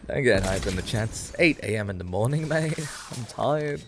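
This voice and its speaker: A man streaming a game, chatting in a rambling, animated way into a condenser mic close below his chin. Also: lowish voice, moderate pace, creaky, few pauses, a little hiss or hum. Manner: rambling, animated, drifts off topic. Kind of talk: casual gameplay stream chat.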